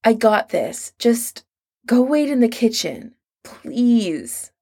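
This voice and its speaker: A woman's voice: on the high side, sing-song, slow pace, gravelly, warm tone, voice pushed up, exaggerated voice. Woman voicing an anxious apologetic young man. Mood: pleading. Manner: pleading, apologetic.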